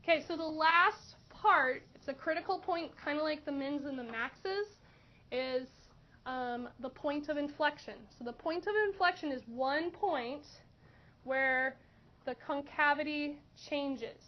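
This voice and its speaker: High-voiced woman teaching a math class. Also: a little slow. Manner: questioning, encouraging students. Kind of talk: classroom lesson. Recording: dull lo-fi classroom recording with faint noise.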